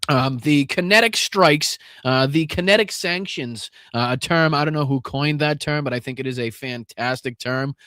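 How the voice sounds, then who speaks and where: A man's voice: on the high side, moderate pace, hardly any pauses, bright, forceful tone, no echo, studio quality. A man with a Boston accent hosting a live political podcast, talking bluntly and profanely with lots of fillers and restarts.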